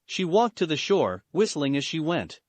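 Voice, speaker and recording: A man reading a fan fiction story aloud as scripted narration, even and unhurried. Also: fairly high pitch, dry recording.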